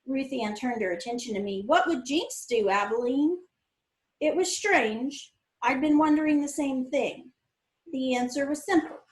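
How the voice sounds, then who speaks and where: A woman reading a novel aloud in first-person narration, with a lively storytelling manner. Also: high voice, moderate pace. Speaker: audiobook reader. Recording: roomy echo.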